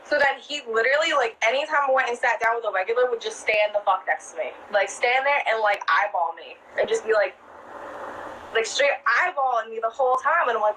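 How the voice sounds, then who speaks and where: On a poor recording with a slight hiss or hum, a young woman who dances at a club tells casual stories in a high-leaning, brisk, sharp voice. She curses freely, laughs a lot, and packs in fillers, especially "like."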